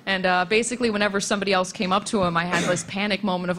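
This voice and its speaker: A woman on a convention panel telling a self-deprecating story in a chatty way, with quick asides. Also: fairly low pitch, fairly even intonation, fairly bright tone, slight background noise. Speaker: comics artist on a convention panel.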